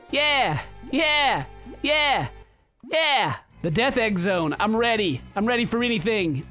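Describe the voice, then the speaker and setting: A man giving joking, sarcastic let's play commentary on a game, excitable and swearing a lot into a close desk microphone. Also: sits high. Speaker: gaming YouTuber.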